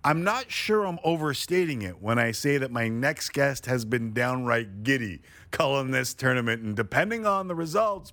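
A man's voice: medium pitch, bright, forceful tone. Playful middle-aged male sports host. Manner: playful storytelling, self-deprecating. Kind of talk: casual sports talk interview.

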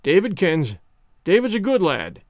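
A scheming sea captain, put on by a male storyteller, wheedles and plots in low, sly tones. His delivery swings with lively pitch. The recording is dry and close. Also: unhurried, no echo, full character voice. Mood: coaxing. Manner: coaxing and sly. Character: scheming wheedling ship captain, middle-aged man.

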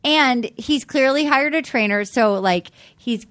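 A woman hosting a podcast, chatting and gossiping casually with friends, with drawn-out fillers. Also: high-pitched, a bit bright, a little hiss or hum. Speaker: podcast host. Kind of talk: casual chat and host-read ad.

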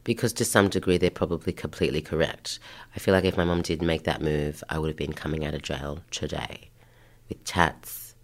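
Low, gravelly-voiced woman. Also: brisk. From Australia, of Haitian parents. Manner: lively storyteller who acts out voices. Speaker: guest. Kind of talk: casual interview chat.

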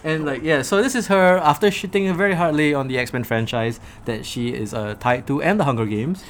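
A man's voice: fairly high pitch, fairly quick, a little hiss or hum. A man hosting a casual movie review chat, rambling and joking with frequent laughs. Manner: giggly, rambling, jokey. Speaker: podcast host.

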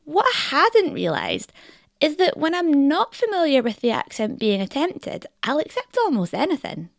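A woman with a Scottish accent hosting a podcast in scripted narration, lively, wry and articulate. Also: high voice, moderate pace, creaky, dry recording, clean studio sound. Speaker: podcast host.

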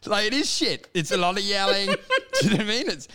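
A man's voice: high voice, huge pitch swings, brisk, pushed and bright. A man chatting as a comedian on a casual podcast, swearing often and laughing through rambling banter. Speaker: comedian and co-host.

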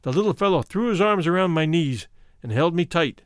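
A man narrating a first-person memoir as an audiobook in a measured, solemn manner. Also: on the high side, animated, no room sound, clean studio sound.

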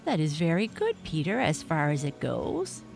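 A woman's voice: deep voice, wildly swooping pitch, moderate pace, gravelly, a little mellow, soft background music, full character voice. A woman voicing a wise, kindly old female nature teacher who asks patient questions. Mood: teaching.

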